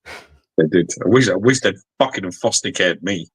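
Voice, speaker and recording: A man's voice: low-pitched, animated, moderate pace, slightly rough, no room sound, low-quality recording. A man, co-hosting a podcast and telling profane stories in casual chat. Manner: profane storytelling, swears constantly. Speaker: podcast co-host.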